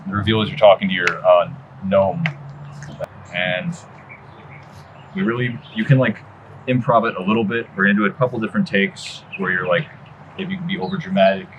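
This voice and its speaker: A man's voice: deep voice, animated, fairly quick, gravelly, pauses often, lo-fi sound, noisy background. A young man casually directing an actor, explaining the scene and encouraging him. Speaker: film director.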